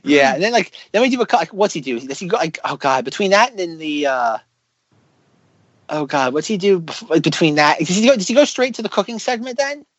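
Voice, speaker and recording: A man co-hosting a podcast, retelling scenes excitedly in a rambling, filler-heavy way. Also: fairly high pitch, brisk, dry recording. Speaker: podcast co-host. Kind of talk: casual chat about sketch comedy.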